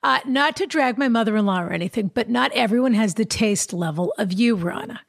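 A woman co-hosts an advice podcast, chatting playfully, laughing readily, and reading a listener's letter out loud. Her voice is slightly high, expressive, gravelly, and fairly quick. The studio recording is clean, with no echo.

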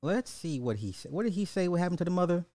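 A man hosting a casual livestream, reading chat questions in an animated, slangy way with lots of repetition and swearing. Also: high-pitched, fast talker, no echo, studio quality.

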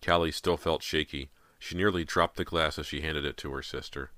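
A man reading a horror novel aloud in a measured, steady voice, close to the mic. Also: extremely low pitch, no room sound. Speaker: audiobook narrator. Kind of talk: scripted horror narration.

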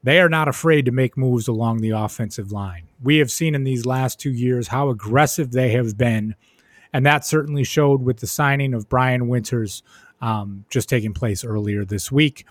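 A man hosting a sports podcast, his voice a little hoarse as it starts to give out. He talks loosely and conversationally, leaning on "you know" and "right?". The sound is dry and close on the mic. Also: mid-range voice, moderate pace, no room sound. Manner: conversational, many fillers and tag questions. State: slightly hoarse, losing his voice. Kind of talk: casual spoken commentary.

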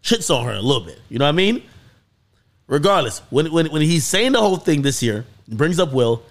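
Animated, high-pitched male podcast host. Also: brisk. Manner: animated storytelling, swearing, rising to high excited peaks. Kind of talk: casual podcast chat.

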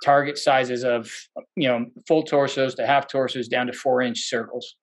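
A man's voice: medium pitch, normal speed. Rambling male podcast guest telling stories. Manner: rambling, with many fillers and restarts; animated when quoting people. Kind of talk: casual anecdote telling.

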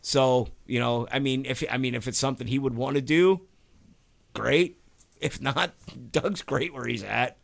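A man hosting a casual group chat, telling stories in an animated way and laughing often. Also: medium pitch, unhurried, creaky. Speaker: podcast host, haunted house owner.

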